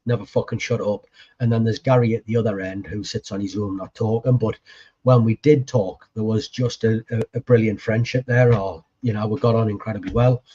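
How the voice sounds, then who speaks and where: A man's voice: lowish voice, a little mellow, slightly rough, dull audio. A man telling a story in casual conversation, chatty and swearing freely as he acts out past conversations. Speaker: podcast co-host appearing as guest.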